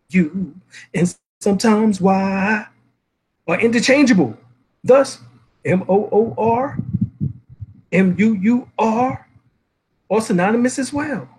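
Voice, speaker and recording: A man's voice: high voice, darkish tone, husky, low-quality recording. A man lecturing, reading out dictionary references, spelling letters aloud and asking rhetorical questions.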